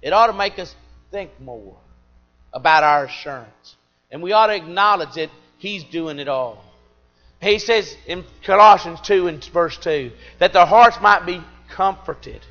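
A middle-aged man preaching a sermon, swinging between loud emphatic peaks and quiet confiding asides. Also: high-pitched, creaky, lo-fi sound.

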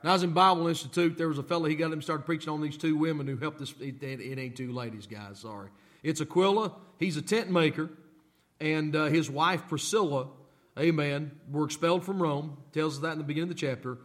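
A man's voice: on the high side, brisk. A male pastor preaching a sermon, emphatic, repeating phrases and asking the congregation questions.

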